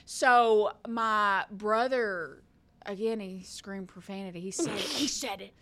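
A woman, co-hosting a podcast and telling stories in a casual, animated way, laughing and building to loud peaks. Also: mid-range voice, slow, a little hiss or hum. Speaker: podcast co-host. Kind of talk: casual storytelling chat.

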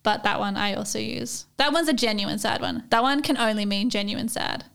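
A woman's voice: fairly high pitch, fairly quick, gravelly, fairly bright tone, clear, resonant tone. A young Australian woman co-hosting a casual chat, chatty and giggly with lots of filler words. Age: young adult. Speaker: podcast co-host.

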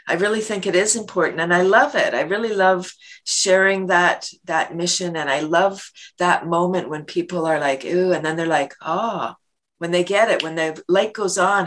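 Woman guest, lower voice, laughs a lot, acts out quick scenes, enthusiastic interview talk. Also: fairly bright tone. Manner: laughs often, acts out little quoted scenes. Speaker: guest, laughter yoga leader and worm business owner.

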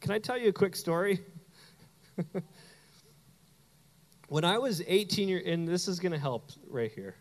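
A man from Canada preaching a sermon, telling a personal story with animated delivery and acted-out quotes. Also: sits high, unhurried, pauses often, in a large hall. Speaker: pastor.

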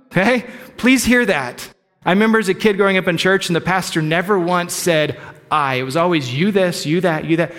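A man's voice: high voice, moderate pace, a bit bright, in a large hall. A middle-aged male pastor giving a candid, conversational sermon, openly sharing his own struggles with the congregation. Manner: candid, conversational, self-disclosing. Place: church sanctuary.

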